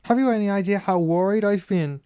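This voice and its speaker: A man's voice: sits high, brisk, dark tone, clear, resonant tone, no room sound, clean studio sound, voice pushed up, lightly acted. A fussing, scolding mother, as a man puts her on. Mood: furious. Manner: scolding, then fussing tenderly. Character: stern, fussing middle-aged mother, loud when angry. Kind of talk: audiobook character voice.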